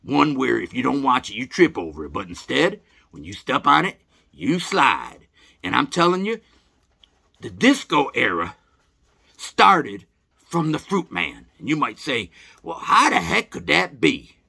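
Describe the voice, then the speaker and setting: Gravelly, lively middle-aged man telling stories. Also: unhurried. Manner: folksy, rambling, animated, bursts into high put-on voices. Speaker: host. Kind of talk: casual nostalgic storytelling.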